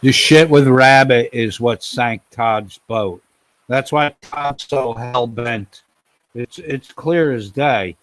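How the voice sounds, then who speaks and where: A man's voice: medium pitch, slow pace, fairly bright tone, no echo. A man hosting a live stream, scolding someone in a heated, profane rant and repeating his name.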